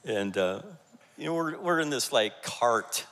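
Bright-voiced pastor preaching in a church. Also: male voice, mid-range voice, measured pace. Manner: energetic, jokey, rallying the congregation. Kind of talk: sermon. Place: church sanctuary. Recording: church hall reverb.

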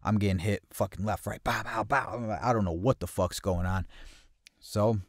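A man with a low voice tells a personal story in a casual, profane, streetwise way. He breaks into loud acted-out voices of the people involved. The recording is close and dry, with no room sound. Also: moderate pace, dry recording. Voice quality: heavy swearing, acts out quoted voices loudly. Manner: blunt, streetwise, animated retelling. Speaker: podcast host telling a personal story.

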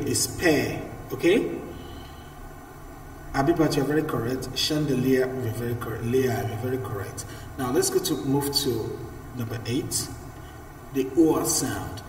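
A man teaching an online class, lively and encouraging as he reads out student answers. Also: mid-range voice, a little hiss or hum. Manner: lively and encouraging, repeats praise. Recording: roomy, echoey audio from far off the mic.

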